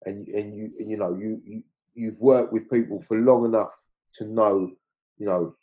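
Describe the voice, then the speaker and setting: In a relaxed interview chat, a middle-aged film crew guest rambles, asking "you know what I mean" after almost every point. His voice is lowish, steady and warm with a breathy edge, at a moderate pace.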